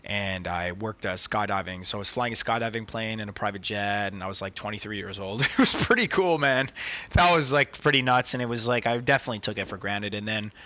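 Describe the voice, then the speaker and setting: In a dry recording, a man with a low-side, sharp voice talks a little quickly. He's a podcast co-host telling stories over casual chat, cursing a lot and scattering "like" and "dude" throughout.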